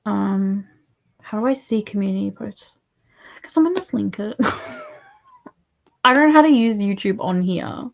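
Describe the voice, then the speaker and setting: Woman, Australian accent, casual stream chat, rambling, murmured asides, animated intonation. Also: mid-range voice, a little slow, vocal fry, long pauses. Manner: soft-spoken, rambling, often dropping to a murmur. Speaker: livestream host.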